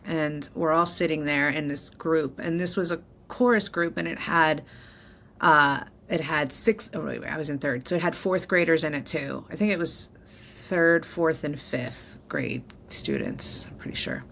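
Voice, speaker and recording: A woman's voice: on the low side, a bit bright. A middle-aged woman host sharing a candid personal story, emotional and close to tears. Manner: emotional, candid, tearful at times. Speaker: podcast host.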